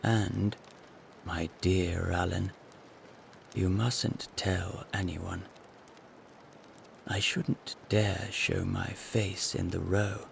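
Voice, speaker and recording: A man's voice: low-pitched, little pitch movement, drawn-out words, creaky, pauses often, slight background noise, full character voice. A man voicing a gloomy, embarrassed young man who grumbles and stammers. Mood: glum.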